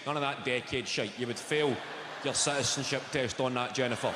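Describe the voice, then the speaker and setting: A Glaswegian man doing a stand-up comedy set, bantering with the crowd in a loud, swearing manner. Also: medium pitch, steady tone, fairly quick, very noisy. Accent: Scottish, Glaswegian. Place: large theatre stage with audience. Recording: roomy hall reverb over loud audience.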